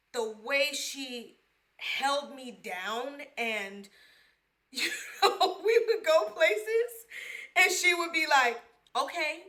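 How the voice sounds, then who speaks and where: Bright-voiced woman telling her story slowly. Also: high-pitched. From the Bronx, New York. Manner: candid, emotional, slangy, addresses listeners as y'all. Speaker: podcast host telling her life story. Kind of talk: personal storytelling monologue.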